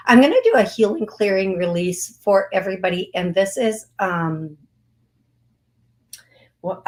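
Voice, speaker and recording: Middle-aged lady psychic talking slow and soothing, repeats herself, kinda teary. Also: lowish voice. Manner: warm coaxing, emotional, repeats phrases. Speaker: psychic medium host. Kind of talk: live call-in reading and guided healing.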